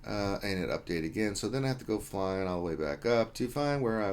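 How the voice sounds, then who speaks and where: This livestream host has a fairly low, animated voice and talks fairly quickly. Loose and jokey, he calls out names from the chat and reads their greetings.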